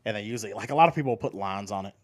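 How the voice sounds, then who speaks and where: A man's voice: on the low side, very fast. A man co-hosting a podcast in casual chat, laughing often and cursing freely. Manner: laughs often, loose and profane. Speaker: podcast co-host.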